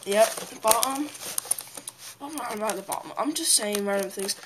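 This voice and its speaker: Chatty woman vlogger for a home toy unboxing, rambling commentary, picked up by the camera's own mic with loud noise and crinkling packaging. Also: on the high side, lively intonation, moderate pace. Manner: rambling, chatty, talks while handling things. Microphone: handheld camera's built-in mic.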